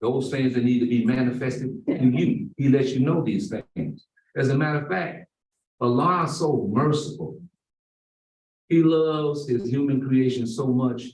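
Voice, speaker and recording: A man giving a Friday sermon, emphatic and drawing out key words slowly. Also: mid-range voice, darkish tone. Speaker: imam. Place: mosque prayer hall. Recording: roomy echo, far from the mic.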